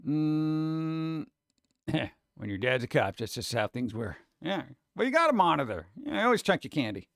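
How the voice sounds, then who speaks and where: A man hosting a live stream and chatting casually with viewers, animated and loose, often slipping into mock voices. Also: fairly high pitch, moderate pace, creaky, no room sound, clean studio sound. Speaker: streamer host.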